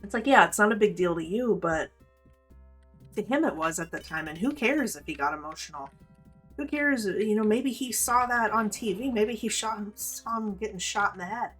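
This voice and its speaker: A woman's voice: medium pitch, lively intonation, moderate pace, fairly bright tone, breathy edge, soft background music. A woman in her thirties streaming a game, talking in a rambling, profane, candid way as she plays. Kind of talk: casual gameplay commentary.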